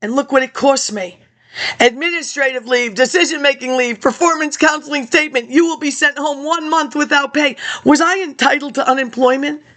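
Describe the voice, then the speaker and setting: A woman's voice: sits high, brisk, fairly bright tone. A woman in her fifties, a vlogger rambling through a personal story and jumping between tangents as she talks straight to her viewers.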